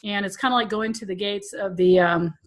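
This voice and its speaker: A woman's voice: medium pitch, steady tone, a little fast. A woman tantra teacher hosting a live Q&A, telling stories in a chatty, self-mocking way and laughing often. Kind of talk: casual storytelling to a live audience.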